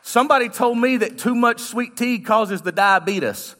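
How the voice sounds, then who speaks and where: A man preaching as a guest pastor in a church, talking to the congregation in a loose, joking way. His voice sits high and sounds bright and forward. He keeps it conversational throughout. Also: normal speed. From United States. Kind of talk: sermon. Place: church sanctuary.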